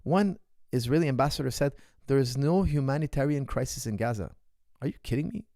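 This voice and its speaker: A man's voice: medium pitch, fairly quick, vocal fry, dark tone, no echo, clean studio sound. A man, a martial arts coach, answering viewer questions in an impassioned, indignant monologue, repeating phrases for emphasis.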